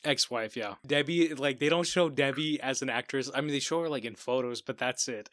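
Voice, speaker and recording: Male podcast co-host, mid-pitched, lively, dry close-miked sound. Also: fairly quick, no room sound. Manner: animated, acts out movie lines in high-pitched voices. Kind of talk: casual movie podcast chat.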